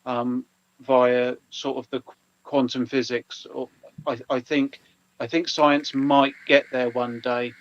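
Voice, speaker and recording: A man co-hosting a live podcast, thinking aloud with frequent ums and restarts. His voice sits at an average pitch. The audio is muffled and lo-fi. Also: level tone, takes it slowly. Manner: hesitant, many ums and stammered restarts. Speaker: podcast co-host. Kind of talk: casual live podcast chat.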